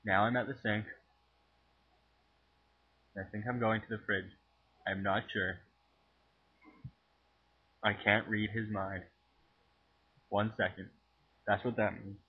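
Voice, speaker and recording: A teenage boy goofing around while he films himself cooking at home, crude and joking, with sudden loud yells. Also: lowish voice, steady tone, slow, pauses often, slightly rough. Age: teens. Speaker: home cooking video maker. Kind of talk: goofy profane cooking vlog. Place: home kitchen. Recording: tinny lo-fi home camera audio.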